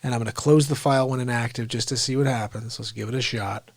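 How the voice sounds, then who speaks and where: A man's voice: medium pitch, steady tone, quick pace, no room sound. A man hosting an unscripted livestream, rambling and joking and then griping when his tech won't work. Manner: rambling, jokey, frustrated with tech. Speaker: livestream host.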